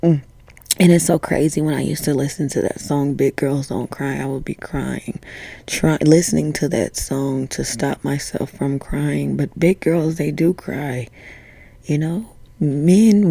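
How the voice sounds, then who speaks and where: A woman talking straight to a listener in a soft, half-whispered, reassuring way, swearing casually as she goes. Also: extremely low pitch, unhurried, creaky, slightly rough, no room sound. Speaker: spiritual channeler speaking to a viewer. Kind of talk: intimate direct-to-camera talk.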